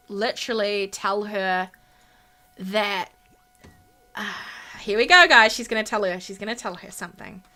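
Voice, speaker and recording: A woman's voice: medium pitch, pushed and bright. A woman hosting a gaming channel, giving casual, chatty gameplay commentary full of fillers. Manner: chatty, bubbly, lots of fillers.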